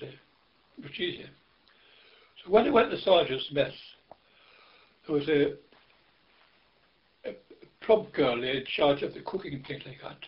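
An older British man recalling his army days in an oral history interview, rambling and halting, full of "you know". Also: on the high side. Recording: dull lo-fi recording.

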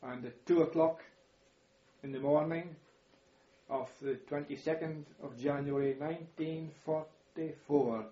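An older man looks back on his wartime days in a relaxed, mellow voice, chuckling and going back over his words as he tells it. His pitch sits a little high for a man. The sound is roomy and slightly dull, as if taped in an echoey space. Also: a little slow. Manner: chuckles and repeats words while recounting. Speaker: interviewee, war veteran. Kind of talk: reminiscing storytelling.

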